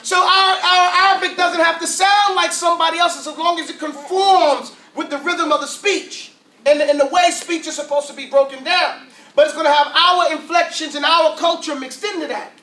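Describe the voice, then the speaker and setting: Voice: extremely high pitch, steady tone, moderate pace, pushed and bright. An Arabic teacher, teaching a class casually in slangy talk and often checking that everyone follows. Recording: echoey room from far off.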